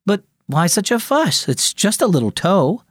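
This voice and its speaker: A gentle, thoughtful mother, read by a man, soothing and calm, her voice rising and falling a lot. The read is dry and close, with faint music behind it. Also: sits high, a little slow, no echo, voice pushed up, full character voice.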